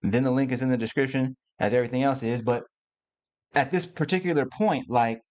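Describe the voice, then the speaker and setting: A man's voice: medium pitch, a little fast, a little mellow, highs cut off. Playful slangy male livestream host. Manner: loose, playful, slangy, talks to viewers in the chat. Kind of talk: casual livestream talk.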